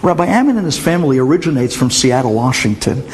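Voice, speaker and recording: A man, a rabbi, telling a story in an animated way with sudden jumps in pitch. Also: quick pace, soft background music. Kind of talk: storytelling talk. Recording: long hall reverb.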